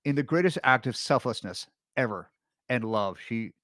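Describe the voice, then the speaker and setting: A middle-aged man, guesting on a podcast, tells a long personal story in casual chat, rambling along with restarts and fillers. His voice sits in the mid range with lively intonation, a moderate pace and a fairly bright tone. The recording is clean studio sound with no room echo.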